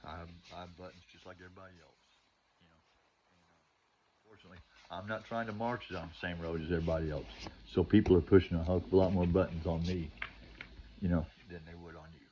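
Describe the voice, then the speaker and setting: A man's voice: low-pitched, steady tone, fast, mellow, slight background noise. Older man rambling on a dull recording. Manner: rambling, with many restarts and "you know"; preachy, gives advice to viewers. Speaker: vlogger. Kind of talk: rambling monologue to camera.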